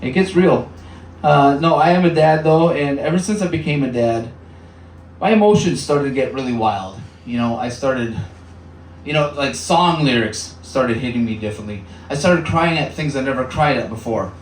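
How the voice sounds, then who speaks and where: Stand-up comic in an echoey bar. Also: male voice, mid-range voice, normal speed, a little hiss or hum. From Upper Peninsula of Michigan. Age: 30s. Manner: conversational with filler words, acts out voices. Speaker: stand-up comedian. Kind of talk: stand-up comedy set. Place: small bar. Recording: echoey bar room, mic heard from a distance.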